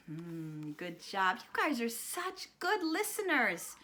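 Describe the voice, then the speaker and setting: A woman speech teacher reading a guessing picture book to young children, animated and encouraging, with gasps and drawn-out words. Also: a little high. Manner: coaxing and encouraging, asking children questions.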